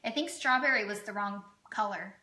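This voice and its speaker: Chatty woman health coach, bright voice. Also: mid-range voice, normal speed, roomy sound, rough recording. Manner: chatty, frequent "um" fillers, self-deprecating asides. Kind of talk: casual educational talk to camera.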